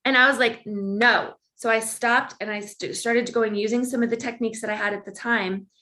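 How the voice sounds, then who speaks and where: A woman guest on a podcast, telling a personal story in conversation and acting out the quoted dialogue with big jumps in pitch. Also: steady tone, moderate pace, pushed and bright.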